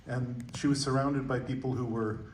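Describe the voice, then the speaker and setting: A man moderating a post-screening Q&A, musing aloud with many pauses and fillers. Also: medium pitch, steady tone, a little mellow, a little hiss or hum. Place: movie theater stage. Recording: roomy, distant theater audio.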